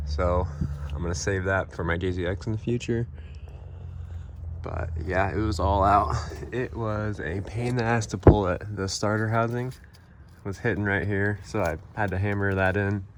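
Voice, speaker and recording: A man's voice: fairly low pitch, background noise. A young man talking casually through a car build in a workshop, laid-back and chatty with car slang. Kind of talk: casual build vlog narration.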